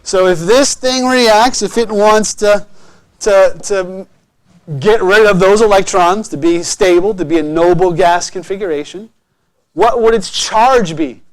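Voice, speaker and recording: A man teaching a chemistry lesson in a classroom, his voice sitting quite high. He keeps encouraging the students and checks often that they follow. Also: unhurried. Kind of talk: classroom lecture.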